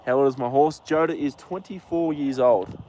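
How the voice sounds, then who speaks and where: A man, stuffy from a cold, hosts a relaxed live stream outdoors at a horse paddock, reading comments and talking to his horse. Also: mid-range voice, moderate pace, a little hiss or hum. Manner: relaxed, chatty, talks to the horse between comments. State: congested from a cold.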